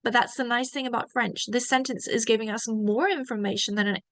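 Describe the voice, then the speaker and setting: A woman teaching a beginner French lesson, modelling each word slowly and asking learners to repeat it. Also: on the high side, fairly even intonation, a bit bright, no echo. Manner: slow, drawn-out modelling of each word for repetition.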